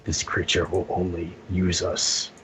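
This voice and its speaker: A man's voice: low voice, completely flat delivery, unhurried, noisy background. Ghoul, a man doing a throaty whisper. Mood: wary. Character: wary male creature Ghoul, gruff.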